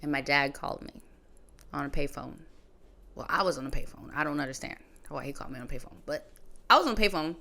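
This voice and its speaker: A woman with a notably low, deep voice tells a personal story on a podcast. She speaks in a reflective, conversational way, and her sentences often trail off softly at the end. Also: expressive, fast talker, gravelly. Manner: reflective, conversational retelling with soft trailing phrases. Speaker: podcast host.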